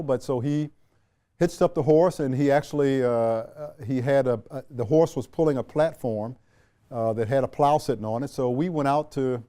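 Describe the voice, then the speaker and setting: A man from Washington, D.C. recounts his past in a relaxed, mellow voice, sitting as a guest in an interview. He speaks at a middling pitch, unhurried, with frequent fillers and restarts. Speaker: interview guest, retired general. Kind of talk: reflective storytelling.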